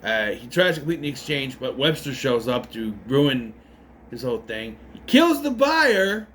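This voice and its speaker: A man recapping a movie in a loose, rambling way, correcting himself as he goes and adding sarcastic asides. His voice sits fairly high and swings widely in pitch. A faint noise runs under the recording. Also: a bit bright. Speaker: movie reviewer. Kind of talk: casual spoken movie recap.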